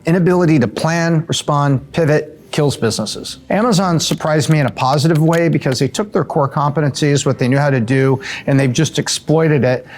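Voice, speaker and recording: A middle-aged man from the US East Coast answering quick questions in a casual, upbeat way, with fillers and self-corrections. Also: fairly high pitch, a little mellow. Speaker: show regular answering rapid-fire questions.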